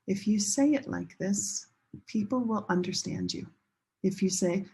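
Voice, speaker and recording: A woman teaching English pronunciation to a class, slowly modeling sentence stress and repeating example sentences. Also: on the low side, vocal fry, a little mellow, slightly rough. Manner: slow, drawn-out modeling of sentence stress with repetition. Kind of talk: classroom lesson demonstrating an app.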